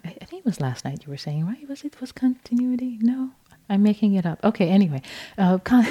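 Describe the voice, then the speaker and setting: A woman meditation teacher gives a gentle, unhurried dharma talk at a retreat. Her voice is mellow and a little low, and she repeats words softly. She often pauses and restarts her phrases.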